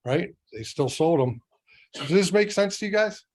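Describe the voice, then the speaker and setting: A man's voice: a little high, expressive, normal speed, darkish tone. A middle-aged man giving a motivational business training talk to sales agents. He speaks conversationally and keeps asking rhetorical questions. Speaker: real estate sales trainer.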